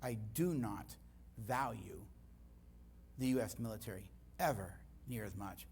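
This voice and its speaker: An older man preaching a sermon in a church, telling stories with lively energy. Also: fairly low pitch, a little slow, creaky, slight background noise. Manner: storytelling, animated. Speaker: guest speaker.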